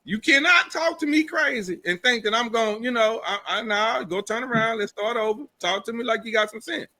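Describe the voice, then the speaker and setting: Male panelist, high, bright and tense voice, halting and firm. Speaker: podcast panelist. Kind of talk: casual podcast chat.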